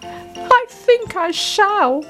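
A young boy pleads in a high, sorrowful little voice, as a woman reading a storybook puts him on. He speaks slowly and simply, with a wide, lively lilt. The figure is earnest and a little sad. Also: soft background music, heavily acted. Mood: plaintive. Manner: high, slow, plaintive.

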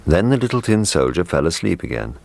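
A man reading a children's fairy tale aloud in a gentle, measured way. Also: deep voice, very animated, creaky, no room sound. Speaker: storyteller. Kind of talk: scripted narration.

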